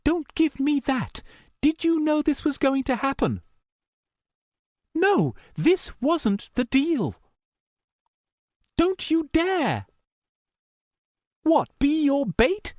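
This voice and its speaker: A man voicing a scared and angry young woman on the phone, keeping her voice low and barely held back. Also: sing-song, drawn-out words, hardly any pauses, no echo, studio quality, exaggerated voice.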